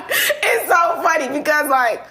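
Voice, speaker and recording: A woman's voice: high-pitched, animated, slow pace, bright, forceful tone, a little hiss or hum. A woman in her thirties hosting a podcast, telling a personal story frankly and with plenty of swearing, laughing often as she talks. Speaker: podcast host.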